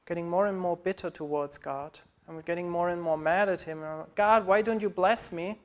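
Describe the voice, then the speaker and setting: Earnest man preaching a sermon. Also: on the high side. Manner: earnest, pleading, repeats phrases. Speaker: pastor.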